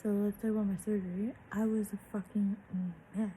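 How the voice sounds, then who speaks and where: A woman's voice: mid-range voice, flat delivery, a little fast, warm tone, a little hiss or hum, low-quality recording. Candid young woman telling a story. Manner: candid, swearing, loose chatty storytelling. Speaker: vlogger. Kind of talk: personal story time.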